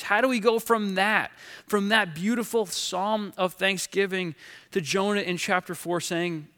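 A man's voice: high voice, fairly even intonation, unhurried, pushed and bright, clear, resonant tone. A man preaching a sermon from a stage, telling the story earnestly with frequent restarts. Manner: earnest storytelling with many restarts and acted quotes. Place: large hall with stage. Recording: long hall reverb.

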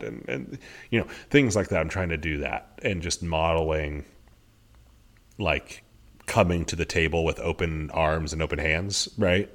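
Low-voiced earnest father on a podcast. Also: moderate pace, fairly bright tone. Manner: earnest, reflective, many restarts. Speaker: podcast co-host. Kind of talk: casual conversation.

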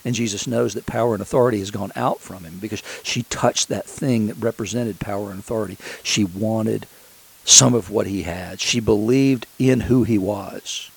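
A male pastor delivering a sermon in a low, gravelly voice with a husky edge. He tells the story in a loose, conversational way and keeps stopping to restart his sentences. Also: moderate pace, rough recording.

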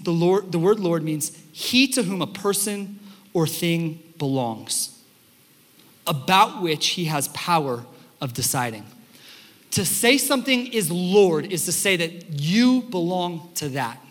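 A young adult man preaching a sermon as a pastor in a church, telling stories in an animated way and acting out the quotes. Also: high voice. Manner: animated storytelling, acts out quotes. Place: church sanctuary. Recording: hall reverb.

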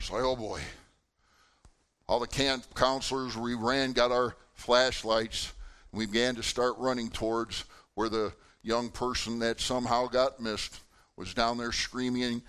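A man, a pastor, preaching a sermon with lively swings in pitch and loudness and putting questions to his congregation. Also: normal speed.

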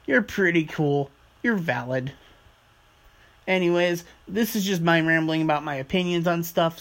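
A man's voice: on the high side, a bit bright. A man hosting his own podcast in a casual, rambling monologue, swearing freely as he talks. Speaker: podcast host.

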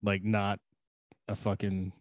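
A young man with a low voice co-hosting a podcast in a casual, rambling way. He swears freely, pokes fun at himself and laughs a lot. The sound is dry and close, with no room around it. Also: monotone, slow, dry recording. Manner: rambling, crude, self-mocking, laughs often. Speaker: podcast co-host.

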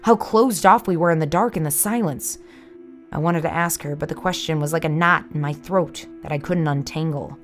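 A woman telling a first-person scary story in a hushed, tense, dramatic way. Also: low-pitched, moderate pace, faint music behind.

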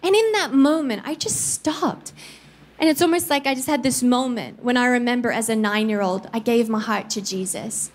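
A woman's voice: fairly high pitch, brisk, hardly any pauses. A woman in her thirties of Filipino background preaching a sermon as a pastor, telling stories and playfully acting out voices. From Philippines. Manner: animated, acts out voices playfully. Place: church studio.

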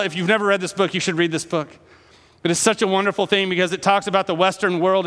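Man preaching with bright, echoing delivery. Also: high-pitched. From United States. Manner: impassioned preaching, dropping to hushed tones and rising in quoted lines. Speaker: pastor. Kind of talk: sermon.

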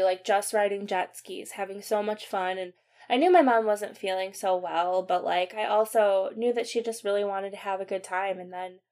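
A young woman hosting a podcast, recounting a personal story in a halting way, full of fillers and restarts, dropping quiet at the sad parts. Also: mid-range voice. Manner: quiet and subdued at sad moments. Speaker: podcast host.

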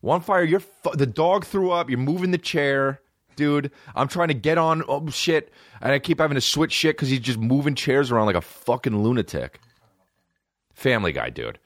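A man's voice: medium pitch, lively intonation, moderate pace, no room sound, clean studio sound. Rambling, profane male podcast host. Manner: profane, rambling, mimics other people's voices. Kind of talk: casual solo comedy podcast rant. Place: small indoor room with a creaky chair.

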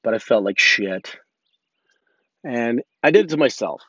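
A man's voice: medium pitch, animated, measured pace, fairly bright tone, husky, no echo, dull audio. A man hosting a podcast alone, talking candidly and in a rambling way, swearing often and restarting his sentences. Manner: candid, self-reflective. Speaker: podcast host. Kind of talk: casual solo podcast monologue.

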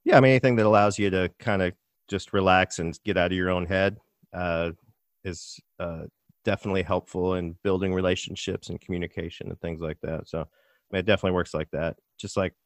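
Laid-back low-voiced bartender from Arkansas. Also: male voice, steady tone, brisk, dry recording. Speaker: bartender and podcast guest. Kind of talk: casual chat.

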